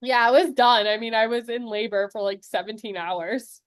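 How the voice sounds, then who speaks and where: A woman's voice: on the high side, moderate pace, dry recording, studio quality. A young woman co-hosting a podcast, chatting casually and laughing as she tells stories. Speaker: podcast co-host, new mother. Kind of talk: casual chat.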